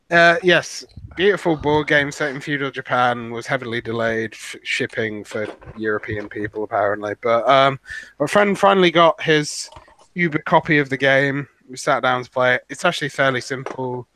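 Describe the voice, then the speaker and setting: Bright-voiced casual male podcaster. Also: mid-range voice, moderate pace, a little hiss or hum. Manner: rambling, swears casually, many ums. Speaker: podcast co-host. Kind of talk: casual gaming chat.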